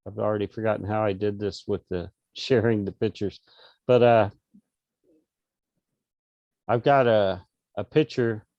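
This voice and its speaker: A man's voice: lowish voice, steady tone, a little slow, long pauses, dry recording, muffled recording. A middle-aged man, an interview guest, telling a casual story over a video call with lots of restarts and fillers. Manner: rambling, many restarts and fillers.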